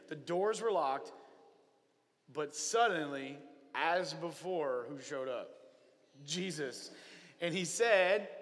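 A man from Oklahoma gives an animated, joking camp sermon. His voice sits high and sounds bright and forceful. A long reverb from the hall trails every line. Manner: animated storyteller, playful humor. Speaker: camp preacher. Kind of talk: lively sermon to young people.

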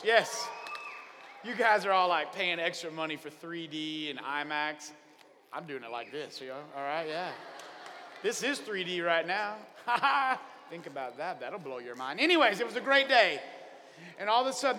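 A middle-aged man retells a Bible story for children, playful and full of jokes. His voice is high and bright. It sits in a reverberant hall with a faint hiss behind it. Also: moderate pace. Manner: playful, animated, jokey. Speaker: children's minister. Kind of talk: lively children's Bible lesson.

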